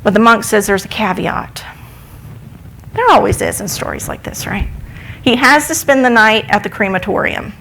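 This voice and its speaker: A woman's voice: mid-range voice, animated, moderate pace, fairly bright tone, a little hiss or hum, poor audio. A woman telling a parable in a sermon, in a conversational way, asking her congregation questions. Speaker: speaker at a church service. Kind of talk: sermon storytelling.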